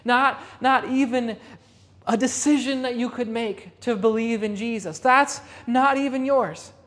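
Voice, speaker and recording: A woman pastor delivering a Sunday sermon in a rehearsal hall, repeating phrases and slowing down to stress key lines. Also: on the high side. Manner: emphatic repetition, slowing for stress.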